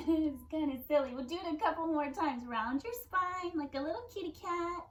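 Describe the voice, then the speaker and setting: A young woman teaching a kids yoga class in a gentle, playful, encouraging way. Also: high voice, lively intonation, moderate pace, rough recording. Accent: Californian.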